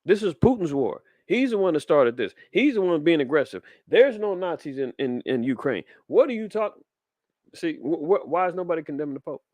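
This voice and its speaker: A man's voice: a little high, very animated, brisk, darkish tone, dry recording. A man, preaching fiery commentary on the news in street slang. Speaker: podcast host.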